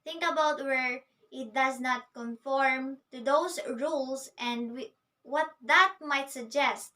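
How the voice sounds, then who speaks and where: Woman literature teacher, high voice, unhurried, explanatory, asks then answers herself, a bit off-mic. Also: bright, forceful tone, recorded from a distance. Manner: patient, explanatory, asks and answers her own questions. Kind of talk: recorded video lecture.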